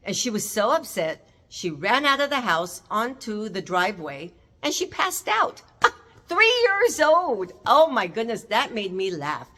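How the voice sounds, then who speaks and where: A cooking vlogger hosting a house tour chats casually to her viewers in her courtyard, rambling with frequent fillers while her nephew holds the camera. Her medium-pitched voice is pushed and bright, swings widely in pitch, and moves unhurriedly.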